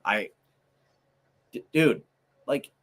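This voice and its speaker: A man's voice: medium pitch, expressive, drawn-out words, a bit bright, breathy edge. A man co-hosting a sports podcast, ranting in casual chat with lots of swearing and frustration. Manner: fired-up, profane ranting. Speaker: podcast co-host.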